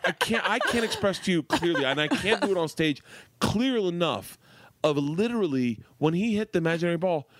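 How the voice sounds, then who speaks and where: A man in his forties telling funny stories about his daughter in casual podcast chat, animated and profane, laughing as he goes. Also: a little high, dry recording. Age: 40s. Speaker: comedian guest.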